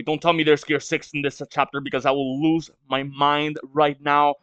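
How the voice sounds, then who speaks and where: A man's voice: fairly high pitch, fairly even intonation, normal speed, hardly any pauses, a bit bright, smooth, no echo, highs cut off. A man with a stuffy nose from a cold, reading a manga aloud and reacting to it in hesitant, filler-heavy musing.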